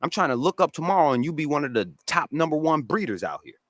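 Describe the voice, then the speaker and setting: A man with a raspy voice and a New England accent, chatting casually and laughing often on a live stream. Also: fairly high pitch, sing-song, quick pace, a bit bright, dry recording, clean studio sound. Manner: slangy, laid-back, laughs often. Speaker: cannabis grower and streamer. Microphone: dry close mic, studio.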